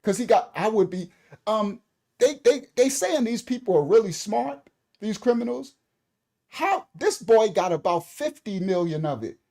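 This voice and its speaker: A middle-aged man doing casual commentary for online viewers, animated and preachy, laughing often, talking straight to his commenters. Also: high-pitched, unhurried, creaky.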